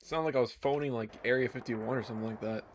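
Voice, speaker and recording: A man chatting casually with viewers in a relaxed, talkative way while playing online games on a live stream. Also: medium pitch, fast talker, slight background noise. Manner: relaxed, chatty, talks to viewers mid-game.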